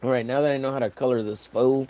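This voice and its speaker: A man's voice: mid-range voice, fairly even intonation, fast, mellow. A man casually chatting to his live-stream viewers while painting, muttering to himself and cracking silly jokes. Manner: jokey, mumbling to himself, bursts of silly sing-song. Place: home studio with a video playing in the background.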